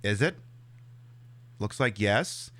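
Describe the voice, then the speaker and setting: A man streaming a video game and chatting with viewers in a sarcastic, profane, animated way. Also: fairly low pitch, slow pace, background noise. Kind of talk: casual live-stream chat.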